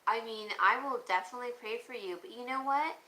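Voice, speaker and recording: A woman hosting a livestream auction chats casually and rambles as she responds to viewer comments. She talks fast in a high-leaning, pushed, bright voice. The room is echoey with faint background noise.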